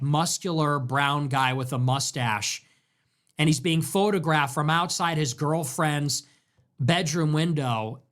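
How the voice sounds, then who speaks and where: Ranting on his political livestream, this man speaks a little high with a fairly bright tone. He's sarcastic and derisive throughout, slipping into mocking impressions.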